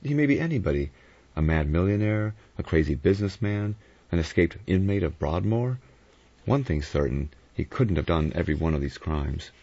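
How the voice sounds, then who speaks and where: A cool, sardonic adventurer who speaks softly and mockingly, as a male reader puts him on. His voice is very deep with a gravelly edge, and the audio is dull and close. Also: big pitch swings, moderate pace, dry recording, heavily acted. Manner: soft, mocking delivery. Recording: dull lo-fi recording.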